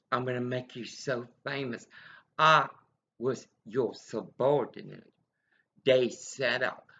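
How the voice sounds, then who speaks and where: A woman's voice: a bass voice, lo-fi sound. A woman ranting angrily and bitterly in a rambling monologue that jumps between accusations.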